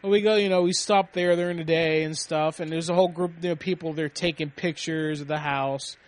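This podcast co-host has a slightly high voice and a brisk delivery. He trades stories on a loose, foul-mouthed chat show, swearing often and performing quotes with animation.

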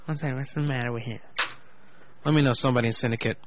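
A man's voice: mid-range voice, fairly even intonation, background noise. Crude joking man on lo-fi radio. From Orlando, Florida. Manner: crude, joking, quick to swear. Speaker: prank call radio host. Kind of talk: casual internet radio banter.

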